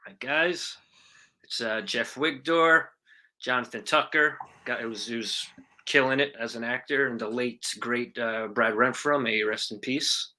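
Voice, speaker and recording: A man in his forties, an actor guest telling animated stories about his past film work in a casual interview. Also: mid-range voice, unhurried. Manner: animated storyteller, acts out quotes, swears casually.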